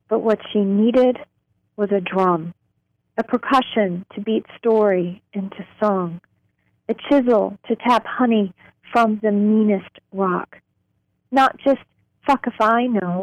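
A woman poet on a radio show, reading her own poem slowly and deliberately, drawing out words. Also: mid-range voice, darkish tone, dry recording, dull audio. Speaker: poet guest. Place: radio studio.

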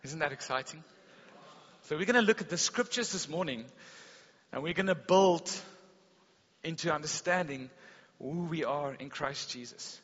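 A man preaching a sermon at a church service, telling stories with a lively delivery that rises loud and drops to a hush. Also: fairly high pitch, moderate pace, pauses often. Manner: animated storytelling preacher, swings between loud and hushed. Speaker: pastor. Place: school hall service. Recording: dull long-reverb hall sound.

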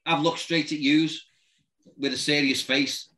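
A former football manager tells lively anecdotes in casual chat, acting out voices and noises and laughing often. His male voice is fairly high-pitched and measured in pace, and the recording is rough.

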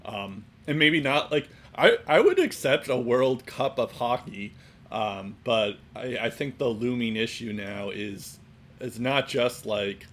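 A man with a somewhat low voice talks sports in a loose, casual podcast chat. He rambles, restarts his sentences and leans on "like" and "um" throughout. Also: a little hiss or hum. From Boston area. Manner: rambling, heavy on fillers like "like" and "um".

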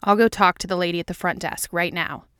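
A woman reading the lines of a smug, arrogant male agent, in her own low voice. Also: steady tone, fast, a bit bright, clean tone, no echo, clean studio sound, natural voice. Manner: arrogant, defiant.

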